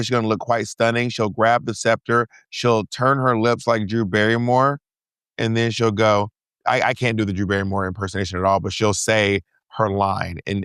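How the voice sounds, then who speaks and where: A man's voice: steady tone, normal speed, a bit bright, smooth, no room sound. Middle-aged guy cohosting a recap podcast, jokey, trips over his words, dry room sound. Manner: joking, trailing restarts, mock quotes in high voice. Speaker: podcast co-host. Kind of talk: casual recap chat.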